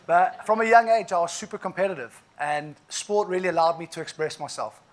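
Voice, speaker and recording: A man's voice: high-pitched, a little fast. South African man telling his story on stage. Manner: vivid, emphatic storytelling with frequent asides. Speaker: keynote speaker. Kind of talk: inspirational keynote storytelling.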